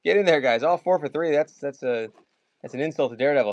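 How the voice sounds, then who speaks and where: Hosting a relaxed comics auction on a livestream, a Maryland-accented man chats, wanders off topic, and calls out bids fast. His fairly high voice is a little mellow, heard in lo-fi sound with no room echo.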